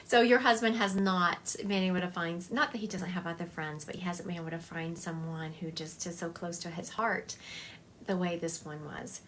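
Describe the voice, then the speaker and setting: On a live stream, a woman gives a psychic medium reading in a chatty, confiding way, thinking aloud as she goes. Her voice is fairly low and a bit bright, with fairly even intonation and a moderate pace, over slight background noise.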